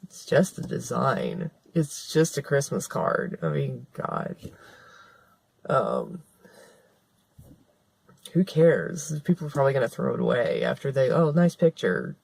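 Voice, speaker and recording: This woman's very deep voice swoops wildly in pitch, and she takes her time, with vocal fry, frequent pauses, a slightly mellow tone and a breathy edge. An author and vlogger, she addresses the camera earnestly and conversationally, restarting sentences and repeating points to stress them.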